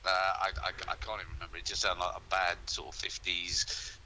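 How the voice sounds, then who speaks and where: Fast-talking co-host, dry teasing. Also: male voice, low voice, little pitch movement, pushed and bright, a little hiss or hum, poor audio. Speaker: podcast co-host. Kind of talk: casual podcast banter.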